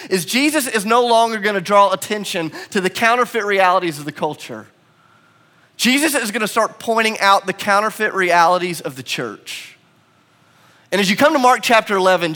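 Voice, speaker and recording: A man's voice: high-pitched, pushed and bright. A man in his thirties, a pastor, preaching a sermon through a self-deprecating, storytelling manner. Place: church hall.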